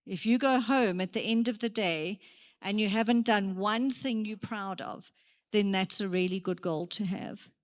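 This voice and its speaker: A woman giving a motivational career day talk in a church hall, lively and full of acted examples. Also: medium pitch, unhurried. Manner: lively, gives acted examples, moves around.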